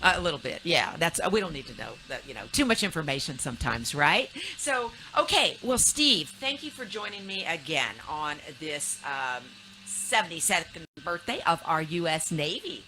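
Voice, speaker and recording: A woman's voice: deep voice, sing-song, normal speed, pushed and bright, poor audio. A woman from Texas hosting a casual radio interview, chatty and teasing, with many fillers and restarts. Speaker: radio talk show host. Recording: AM radio broadcast with faint noise.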